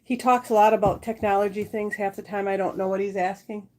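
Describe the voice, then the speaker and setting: A woman from Wisconsin hosting a casual live stream. She chats with her viewers and breaks into a high sing-song voice when she talks to her dogs. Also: steady tone, a little fast, darkish tone. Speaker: livestream host.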